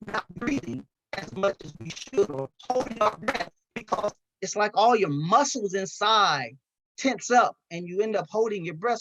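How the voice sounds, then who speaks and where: A man's voice: very high-pitched, a bit bright, no echo, dull audio. A man presenting a seminar in an informal, conversational way, often restarting his phrases. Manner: conversational, folksy, with frequent restarts and light laughs.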